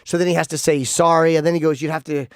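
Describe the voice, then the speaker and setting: A man's voice: fairly high pitch, steady tone, racing, clean tone, no room sound. A male radio host in casual studio banter, rambling through stammered restarts and swearing freely.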